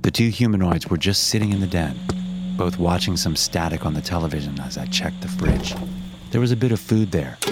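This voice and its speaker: A man with a very low voice narrates a first-person horror story in a measured, dramatic way. Clear music plays underneath him. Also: lively intonation.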